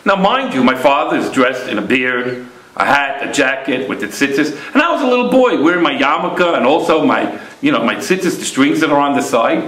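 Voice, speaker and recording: A man's voice: medium pitch, expressive, brisk, fairly bright tone, roomy sound, rough recording. A man in his fifties telling a personal story as a religious lesson, acting out the voices of the people in it. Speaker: religious teacher.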